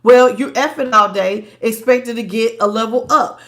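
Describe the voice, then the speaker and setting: Stuffed-up lady doing a live tarot reading, kinda high voice, blunt and preachy, lots of slang, says hi to chat. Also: moderate pace, a bit bright. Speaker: tarot reader.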